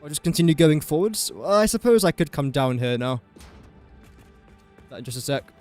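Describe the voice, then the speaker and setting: A young man with a slightly raised, light pitch talks casually through a gaming livestream. He drifts from topic to topic and pokes fun at himself. Soft music plays faintly underneath. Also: animated, moderate pace. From England. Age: young adult. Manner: rambling, chatty and self-mocking while building. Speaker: streamer.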